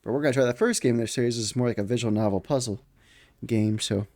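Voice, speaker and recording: A man's voice: mid-range voice, fast talker, darkish tone, no room sound, clean studio sound. Chatty man streaming a game. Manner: chatty, joking, reads game text aloud. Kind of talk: casual game playthrough commentary.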